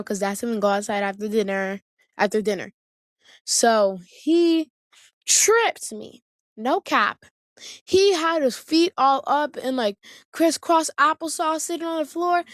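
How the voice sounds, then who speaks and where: Woman vlogger, slangy story chat, somewhat high voice, dry close sound. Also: dry recording. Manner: chatty, slangy, jumps back to the point often. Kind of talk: casual storytelling to camera.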